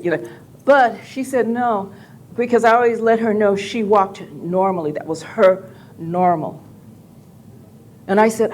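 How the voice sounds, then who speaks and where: An older woman on a live convention panel, telling animated, joking stories with some profanity. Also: mid-range voice, normal speed, slight background noise. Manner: animated, jokey, profane anecdotes.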